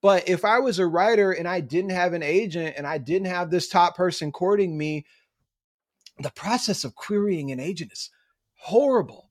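A young adult man, a guest author, chatting casually on a podcast and telling animated stories with acted-out quotes. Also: sits high, normal speed. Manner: animated storyteller who acts out quotes.

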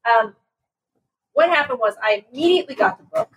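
A woman co-hosting a podcast, talking casually in a fairly high voice. She tells her stories with animated, self-mocking humor. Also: brisk, husky, dry recording. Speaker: podcast co-host. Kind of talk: casual chat.

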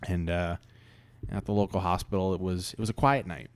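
A man co-hosting a podcast, telling an improvised story in a halting, rambling way with many restarts. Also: sits low, fairly even intonation. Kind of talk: casual improvised storytelling chat.

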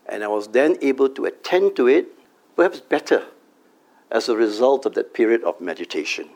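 Middle-aged man, meditation teacher type, gravelly voice with fry, calm measured delivery, drawn-out chanting. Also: mid-range voice. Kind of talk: meditation workshop talk. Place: company workshop room.

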